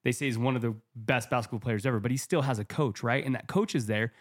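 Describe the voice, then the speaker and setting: A man co-hosting a casual podcast, talking in an energetic, conversational way and drawing sports comparisons. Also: mid-range voice, fast talker.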